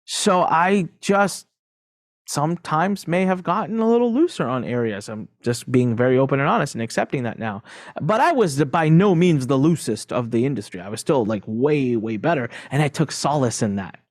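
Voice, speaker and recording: A man's voice: mid-range voice, no room sound, studio quality. A man guest on a podcast, telling candid stories in a self-mocking way, joking and laughing as he goes. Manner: animated, self-mocking, jokes and laughs often; frequent fillers and restarts, quick asides. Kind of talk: candid conversational storytelling.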